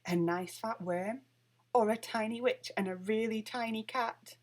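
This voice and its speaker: A woman reading a children's picture book aloud with lively, expressive storytelling. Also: on the high side, a little slow. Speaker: storybook reader.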